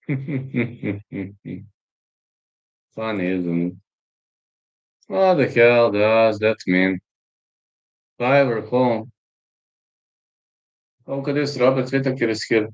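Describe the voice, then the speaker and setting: A man's voice: medium pitch, lively intonation, slow, pauses often, lo-fi sound. Rambling Serbian-accented man on a live stream. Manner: rambling, storytelling, reading chat aloud. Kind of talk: casual live-stream chat.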